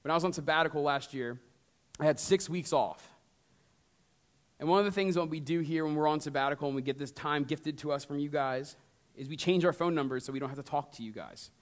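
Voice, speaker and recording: A man preaching a sermon as pastor, talking straight to the congregation and swinging from lively emphasis down to hushed storytelling. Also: fairly high pitch, a little fast. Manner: conversational, addresses the congregation directly.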